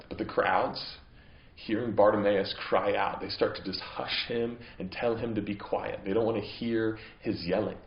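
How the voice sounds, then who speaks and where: A man's voice: fairly low pitch, steady tone, normal speed, gravelly, reverberant, muffled recording. A man preaching a sermon as pastor, earnest and growing impassioned at times. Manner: earnest preaching, voice rising into emphatic, impassioned stretches. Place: church.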